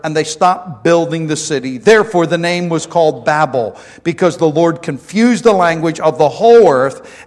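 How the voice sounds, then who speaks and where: A middle-aged man preaches in a folksy, storytelling way, often turning to the congregation with questions. His voice sits high for a man, and a long reverb hangs on it from the church sanctuary. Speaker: pastor. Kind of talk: sermon.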